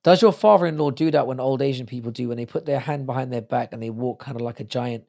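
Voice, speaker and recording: A man's voice: mid-range voice, quick pace, vocal fry, a little mellow. A man hosting a livestream, rambling profanely in casual chat and reading out viewer comments. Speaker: livestream host.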